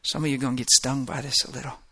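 A man preaching a sermon with an emphatic, repetitive cadence, swinging between hushed murmurs and rising, shouted exhortation. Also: medium pitch, little pitch movement, rapid-fire, breathy edge.

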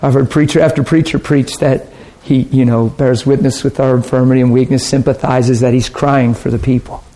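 A man's voice: mid-range voice, level tone, fairly quick, dark tone. A man preaching a sermon in an earnest, conversational way, asking his listeners rhetorical questions.

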